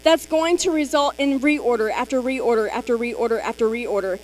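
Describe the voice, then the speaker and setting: A woman's voice: fairly high pitch, moderate pace, a little mellow, poor audio. A woman co-presenting a live-stream sales training, speaking in an upbeat, encouraging way.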